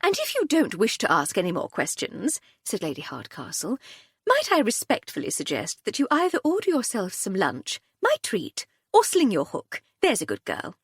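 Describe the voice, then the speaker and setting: A woman's voice: medium pitch, huge pitch swings, normal speed, slightly rough, no echo, full character voice. A woman narrator voicing a witty, unflappable upper-class lady detective with a dry, breezy manner. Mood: arch.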